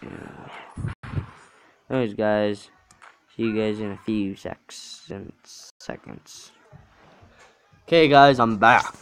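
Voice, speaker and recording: A man's voice: fairly low pitch, a bit bright, clear, resonant tone. A man giving casual, distracted play-by-play commentary while playing a video game. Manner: mumbling, distracted play-by-play with fillers. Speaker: gameplay video host.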